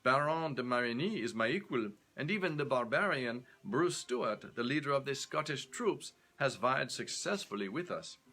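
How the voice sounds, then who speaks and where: Brief: self-effacing minister voiced by a man, calm and bright. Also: medium pitch, moderate pace, hardly any pauses, voice pushed up. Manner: calm, understated.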